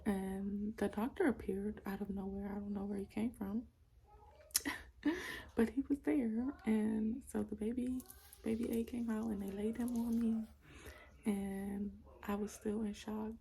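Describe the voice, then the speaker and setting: A young woman vlogger at home, casually telling a personal story in a soft, often half-whispered voice full of "like". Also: mid-range voice, flat delivery, unhurried. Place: at home with her small children.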